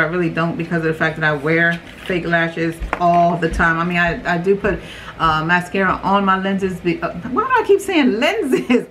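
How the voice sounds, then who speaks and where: A young adult woman chatting casually while unboxing beauty products, rambling, her voice jumping high when she reacts. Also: a bit bright, slight background noise, poor audio. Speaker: beauty vlogger.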